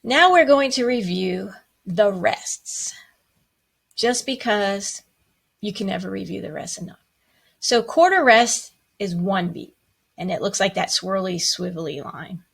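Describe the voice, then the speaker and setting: A woman's voice: mid-range voice, expressive, a little slow, vocal fry, fairly bright tone, slightly rough. A woman teaching a music lesson, patiently explaining rhythms and chanting the counting syllables with playful asides.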